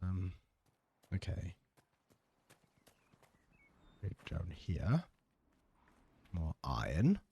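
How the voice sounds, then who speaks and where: A man's voice: low voice, huge pitch swings, very slow, vocal fry, pauses often, dark tone, husky. A man giving laid-back let's play commentary, muttering to himself with dry asides. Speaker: gamer.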